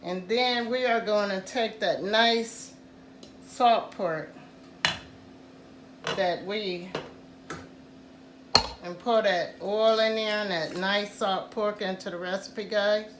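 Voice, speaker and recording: A woman hosting a casual home cooking tutorial, talking slowly and repeating "guys" to her viewers. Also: medium pitch, fairly even intonation, roomy sound, background noise. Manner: slow, repetitive, says "guys" often. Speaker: cooking channel host.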